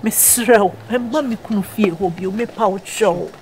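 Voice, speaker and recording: A woman's voice: mid-range voice, normal speed, very noisy, close to an everyday voice. A woman with a Ghanaian accent playing a married woman begging a persistent man to leave her alone, in a web drama. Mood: pleading. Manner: pleading, exasperated.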